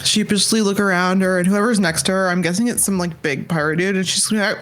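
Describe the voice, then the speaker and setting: A woman's voice: mid-range voice, fairly even intonation, fast talker, hardly any pauses, fairly bright tone. Bubbly woman playing a tabletop game. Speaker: player. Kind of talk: casual tabletop role-play.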